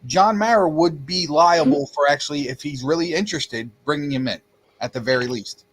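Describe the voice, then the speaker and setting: A man's voice: on the high side, brisk, a little hiss or hum. A man chatting casually on a sports podcast, rambling and restarting sentences as he goes. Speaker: podcast co-host.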